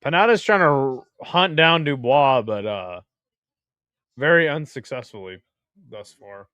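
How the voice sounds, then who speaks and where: A young man hosting a casual live-stream watch party, crude and excitable, joking with his chat. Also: medium pitch, unhurried, smooth, dry recording, dull audio.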